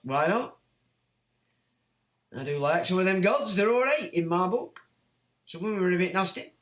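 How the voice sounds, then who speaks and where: A man's voice: high voice, expressive, a little slow, long pauses, a bit bright, reverberant. A man hosting a livestream, reading chat comments and ranting in a blunt, sweary, sardonic way. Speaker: livestream host.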